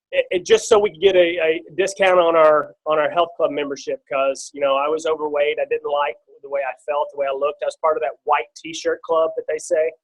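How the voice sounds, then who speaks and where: A man's voice: a little high, low-quality recording. A middle-aged man telling a personal fitness testimony on a team call, casual and rambling, with lots of fillers and restarts. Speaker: guest speaker on a team call.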